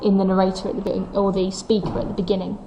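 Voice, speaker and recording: A woman's voice: medium pitch, monotone, very fast, muffled recording, slight background noise. A woman teaching a recorded English lesson, explaining a poem step by step and reading its lines aloud with the stresses brought out.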